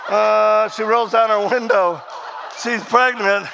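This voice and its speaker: A guest speaker in a church sermon, this man tells a funny, self-deprecating story and voices the people he quotes. His voice is high, creaky, pushed and bright, and he takes his time. The audio, captured from a church stage before a congregation, has a long hall reverb and slight background noise.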